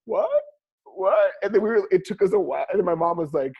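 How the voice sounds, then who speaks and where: A young man hosting a podcast, chatting casually and telling stories in an animated way, laughing and swearing freely. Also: sits high, very fast, vocal fry, husky, dull audio. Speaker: podcast host. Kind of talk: casual chat.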